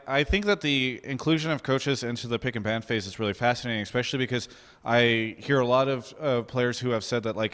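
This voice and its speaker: A male interviewer with a smooth, resonant voice asks after-match questions in an articulate, conversational way. His pitch sits in an ordinary middle range. The sound carries a long reverb, as from a large event hall. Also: fairly bright tone.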